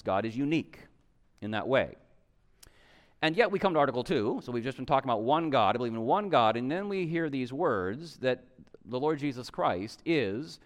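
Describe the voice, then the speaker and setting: Male theology teacher, higher voice with animated pitch, earnest, restarts to rephrase. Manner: earnest, explanatory, with frequent restarts and emphatic repetition. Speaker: teacher of the Creed. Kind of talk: theology lesson.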